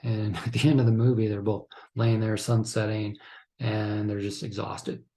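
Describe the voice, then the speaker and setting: A man teaching counselors in a low, gravelly voice with a dark, mellow tone. He lectures in an instructive way, keeps checking in with "okay?", and sometimes acts out what couples say to each other. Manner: acts out couples' lines in quotes. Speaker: counseling trainer. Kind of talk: recorded training lecture.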